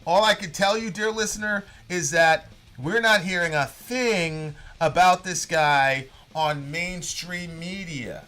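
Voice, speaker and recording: A man in his thirties, a podcast co-host, giving animated, emphatic political commentary that rambles with restarts. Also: sits high, slow, few pauses.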